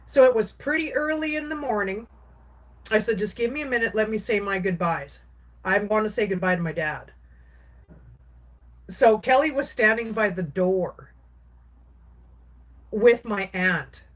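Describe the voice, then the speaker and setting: A woman, a craft vlogger, casually recounting a personal story in a rambling way, with many restarts and filler words. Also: mid-range voice.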